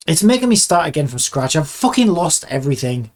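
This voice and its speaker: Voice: medium pitch, big pitch swings, fairly quick, few pauses, darkish tone. A game developer vlogging while working, muttering and swearing in constant exasperation, often trailing off and restarting sentences. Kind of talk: casual dev vlog commentary while working.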